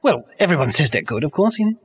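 A fast, animated man rattles on in a blustering, flustered way, his voice jumping around in pitch. The recording carries a long, echoey reverb. He plays a college dean on an improvised comedy podcast. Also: slightly rough. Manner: blustering, flustered, quick back-and-forth.

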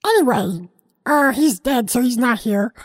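A high-voiced, dim little boy hosts a comedy podcast, played by a woman. He rambles slowly, trips over his own words and keeps wandering off the point. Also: animated. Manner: rambling, halting, easily sidetracked. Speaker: podcast host.

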